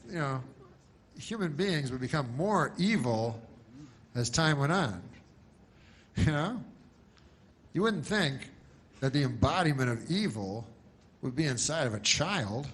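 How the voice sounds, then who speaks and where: A man telling a long stand-up joke in a dry, rambling way, with many stops and restarts. His voice sits in the middle range. A faint hiss of noise runs behind him. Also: medium pitch. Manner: rambling deadpan delivery with long pauses and restarts; mocks a pushy announcer in loud bursts. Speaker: comedian. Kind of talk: stand-up comedy routine.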